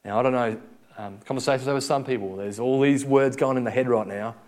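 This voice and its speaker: A man's voice: mid-range voice, fast, a little mellow. A young man preaching a sermon, telling a story in a conversational way and acting out the quotes.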